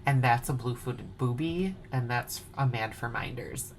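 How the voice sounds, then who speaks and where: A woman's voice: extremely low pitch, unhurried, a little hiss or hum. A woman with an Upper Midwest accent from Wisconsin, chatting playfully as she shows off her cross-stitch projects at home. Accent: Upper Midwest American. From Wisconsin, USA. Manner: chatty, playful, sings snatches of songs. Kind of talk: casual show-and-tell chat. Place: home at night.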